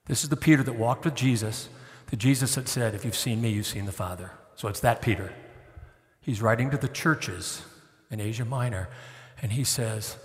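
A middle-aged man preaching a sermon as a guest preacher, swinging from loud pleading to hushed, tender near-whispers. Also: medium pitch, normal speed. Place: church sanctuary. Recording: long hall reverb.

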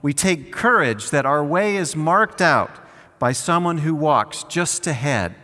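A male pastor preaches slowly and deliberately, with a bright, forceful tone and a fairly high voice. He has the congregation repeat scripture lines back to him. His voice rings through a church sanctuary with a long reverb tail. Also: expressive. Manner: leads the congregation in call-and-response scripture reading; unhurried, with slow drawn-out emphasis. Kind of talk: sermon.

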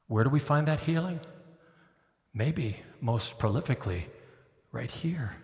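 A middle-aged man preaching a sermon as a guest preacher, swinging from loud pleading to hushed, tender near-whispers. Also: medium pitch, lively intonation, unhurried, pauses often. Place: church sanctuary. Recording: long hall reverb.

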